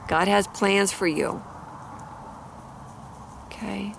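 A woman talks straight to her viewers outdoors, holding a handheld mic, her voice a little gravelly. She moves between easy chat and earnest prayer. Faint outdoor noise sits behind her. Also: medium pitch, a little slow. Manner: earnest, chatty, prays aloud. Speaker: Christian ministry vlogger. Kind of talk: casual prayer and encouragement talk. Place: outdoors near animals and hay. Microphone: handheld microphone.

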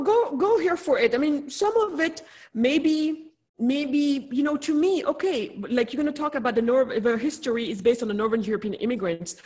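A woman originally from Africa, co-hosting a casual conversation over a video call and speaking in an animated, emphatic way that keeps repeating words for stress. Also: high-pitched. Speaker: podcast co-host.

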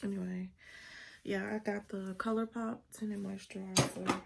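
A woman's voice: mid-range voice, little pitch movement, measured pace, creaky, heavy background noise. A woman talking casually in her vlog, chatty and loose, swearing in passing. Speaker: vlogger.

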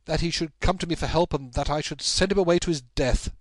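A man's voice: on the high side, no echo, pitched above the performer's own voice, natural voice. A man doing an intense, emphatic detective. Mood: agitated. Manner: brisk, emphatic, raised delivery. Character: brilliant, intense male detective, adult. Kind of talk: audiobook character voice.

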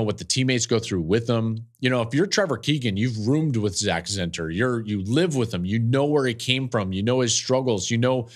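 A male podcast host telling a personal story in an earnest, openly emotional way. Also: medium pitch. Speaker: podcast host, football analyst.

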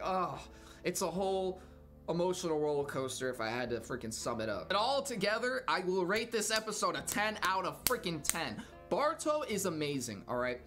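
A man hosting an anime reaction video, talking casually with slang, shouting out in surprise and sometimes falling to a hushed whisper. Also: high-pitched, lively intonation, brisk, soft background music. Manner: casual and slangy, exclaiming loudly then dropping to hushed whispers. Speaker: host.

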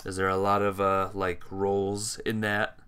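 A sleepy male streamer chats his way through a round, his voice bright and smooth. He talks slowly and lazily, laid-back and joking with his chat and teammates. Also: sits low, completely flat delivery. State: sleepy, yawning. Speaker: gaming streamer. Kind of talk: casual live-stream game commentary.

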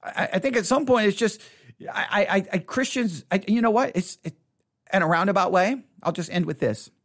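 A man, a pastor, giving casual spoken Bible teaching, rambling and animated, with restarts and acted-out voices of excited kids. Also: high voice, normal speed.

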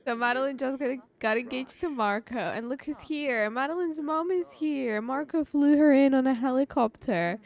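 A woman's voice: sits high, normal speed, hardly any pauses. Bubbly woman gushing over gameplay. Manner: gushing and chatty, giggles often. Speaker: let's play creator. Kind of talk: casual gameplay commentary.

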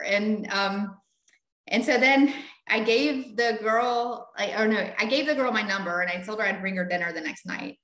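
A middle-aged woman, leading a Bible study and telling a story in animated casual chat. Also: mid-range voice, measured pace. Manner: animated, acts out quoted voices. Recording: echoey room.

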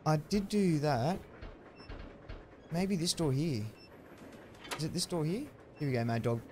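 A young man chatting through a live-streamed game, excitable and prone to yelling thanks at viewers. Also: a little high, a little slow, slight background noise. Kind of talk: live-stream gameplay commentary.

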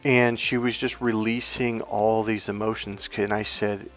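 A man working as a dating and relationship coach, telling an unscripted story in an energetic, earnest way with rambling restarts. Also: lowish voice, unhurried.

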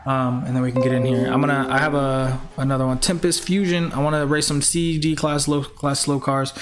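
A man's voice: mid-range voice, little pitch movement, a little fast, loud music behind the voice. A young man hosting a live game stream in casual chat, greeting viewers by name and firmly repeating himself.

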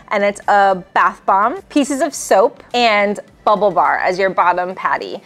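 A woman's voice: medium pitch, lively intonation, moderate pace, hardly any pauses, fairly bright tone, faint music behind. A woman presenting gift products, bubbly and gushing over how cute and delicious everything is. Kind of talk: enthusiastic product showcase.

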